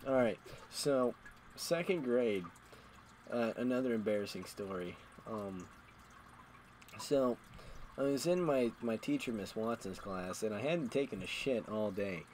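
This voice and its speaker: A man's voice: lowish voice, lively intonation, measured pace, a little mellow, slight background noise, low-quality recording. A man streaming a game, rambling through crude, self-mocking stories in a casual storytelling way. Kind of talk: casual storytelling while gaming.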